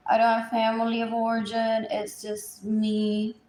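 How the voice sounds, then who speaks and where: Lady rambling on a livestream, kinda high voice, keeps repeating herself, echoey room. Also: completely flat delivery, measured pace, a little mellow, slight background noise. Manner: repetitive, drifting, often trailing into murmurs. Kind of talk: rambling live stream monologue. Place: indoors at home. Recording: roomy echo.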